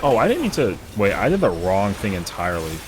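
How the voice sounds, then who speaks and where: A man's voice: lowish voice, wildly swooping pitch, fairly quick, music in the background. A young man streaming an online game, chatting casually and making playful, boastful jokes full of slang. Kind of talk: casual chat while gaming.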